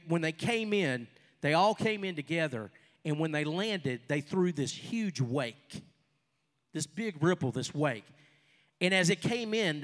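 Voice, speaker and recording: An older man, a pastor, preaching a sermon and telling stories, with sudden loud bursts and quieter asides. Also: on the high side. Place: church hall with a congregation. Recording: long reverb of a large hall.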